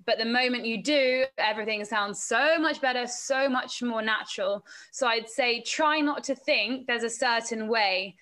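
A woman's voice: fairly high pitch, moderate pace, few pauses, a bit bright. A woman presenter and reporter, a guest on a podcast, talking casually about her work, laughing often and acting out what others said. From England. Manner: chatty, laughs often, acts out quoted voices. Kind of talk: casual interview answers.

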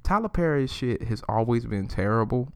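A man hosting his own podcast, ranting solo in a profane, animated way and laughing often. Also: medium pitch, moderate pace, clear, resonant tone, no room sound, studio quality. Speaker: podcast host.

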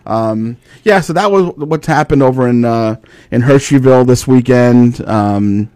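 A man's voice: mid-range voice, a little slow, mellow, no echo. A man, hosting a podcast and telling a rambling story in casual chat, full of fillers and swearing. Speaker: podcast host.

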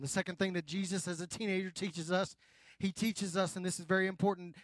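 The sermon comes from a male pastor whose high voice stays steady as he speaks directly to his flock. He alternates loud emphasis with soft, slow lines, captured in a dry recording.

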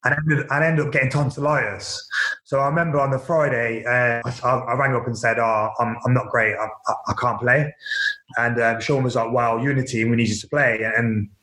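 A man's voice: medium pitch, fairly even intonation, fairly quick, pushed and bright, roomy sound. A man, a former professional footballer, telling his story candidly, repeating words and using lots of fillers. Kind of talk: casual interview storytelling.

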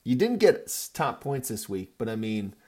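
A man's voice: medium pitch, very animated, moderate pace, darkish tone. A man in his thirties giving a rambling, profane, jokey recap of his fantasy football league to his friends. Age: 30s. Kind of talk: casual profane recap video.

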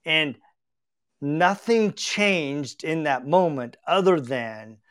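A middle-aged man speaks in an unhurried, measured way, his voice clean and rounded. He hosts a podcast and tells a personal story with heartfelt sincerity, often restarting his sentences as he reflects. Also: fairly high pitch, lively intonation, fairly bright tone. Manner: earnest and reflective, with frequent restarts. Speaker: podcast host.

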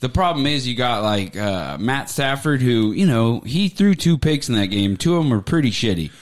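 A man's voice: mid-range voice, expressive, normal speed. Laid-back, mumbly podcast co-host man. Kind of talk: casual chat.

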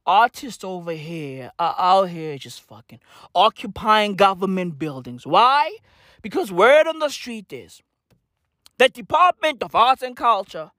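Woman, profane comedic rant, unhurried, slangy asides. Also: mid-range voice, a bit bright, no room sound, studio quality. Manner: rambling, tags lines with "right?" and "bruv". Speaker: comic ranter.

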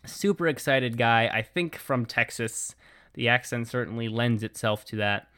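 Male podcast co-host, mid-range voice, easygoing and rambly, quick to laugh. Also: medium pitch, bright, forceful tone, clean tone. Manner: laid-back, rambling, laughs often. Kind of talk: casual podcast chat.

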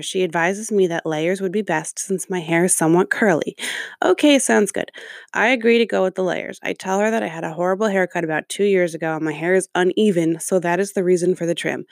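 A woman's voice: fairly low pitch, no room sound, clean studio sound. A woman reading a customer review aloud and breaking off into sarcastic, profane rants about it. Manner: sarcastic, profane, exasperated asides. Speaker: commentator reacting to a review. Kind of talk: reading aloud and ranting commentary.

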